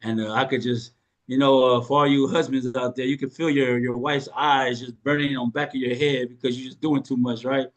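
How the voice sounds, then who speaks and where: A man hosting a casual chat, telling a personal story in a relaxed, joking way and laughing often. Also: mid-range voice, brisk. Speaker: host.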